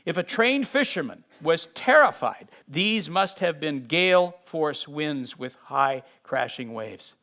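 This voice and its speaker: A middle-aged man teaching from the Bible, reading aloud and breaking off to explain, with sudden shifts in loudness. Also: fairly high pitch, measured pace, few pauses. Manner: animated, acts out scenes with sudden shifts in loudness.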